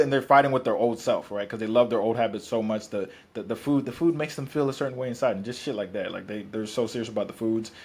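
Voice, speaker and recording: A man's voice: fairly low pitch, fast talker, hardly any pauses, darkish tone, husky. A man who works as a fitness coach, talking bluntly and profanely in casual podcast chat, rambling with restarts.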